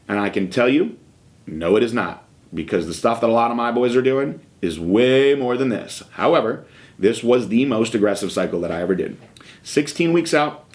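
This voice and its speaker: Frank, low-voiced man telling a story. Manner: frank, conversational, filler-heavy. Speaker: podcast host. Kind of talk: casual storytelling monologue.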